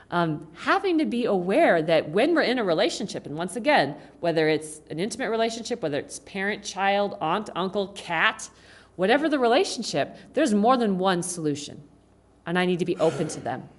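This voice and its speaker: A woman giving an informal, conversational talk to a church congregation, animated and acting out quoted speech along the way. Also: medium pitch, a little fast. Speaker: guest speaker at a church service.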